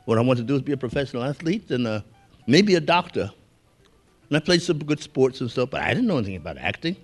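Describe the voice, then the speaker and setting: A man's voice: mid-range voice, big pitch swings, fast, soft background music. An older man from Brooklyn giving a keynote speech, telling folksy, anecdotal stories and chuckling along with the audience. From Brooklyn, New York. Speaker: keynote speaker. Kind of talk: storytelling speech.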